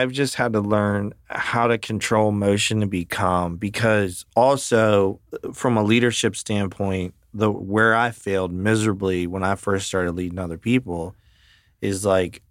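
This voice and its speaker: Blunt, low-voiced male podcast host. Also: no echo, studio quality. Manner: blunt and profane, emphatic storytelling. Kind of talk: casual chat.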